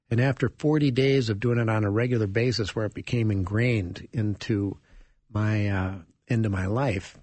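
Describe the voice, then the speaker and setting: Husky man telling a lively story. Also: fairly low pitch, dry recording. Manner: animated storyteller acting out dialogue, chuckling. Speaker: author and guest. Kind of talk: storytelling interview answer.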